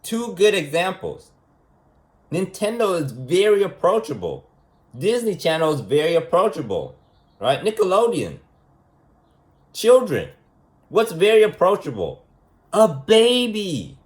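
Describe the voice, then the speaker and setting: A man lectures in a loose vlog monologue, circling back to the same points with emphatic repeats and rhetorical questions. His voice sits a little high for a man and swings widely in pitch. He takes his time, speaking slowly. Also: sing-song. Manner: rambling, repetitive, emphatic, with many restarts and rhetorical questions. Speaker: vlogger giving a self-styled lesson. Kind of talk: casual unscripted monologue.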